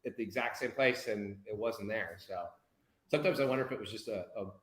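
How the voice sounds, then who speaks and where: Animated American man telling a story. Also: lowish voice, fairly quick, echoey room, low-quality recording. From United States. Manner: animated, candid, swears casually. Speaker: guest speaker. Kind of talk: casual storytelling.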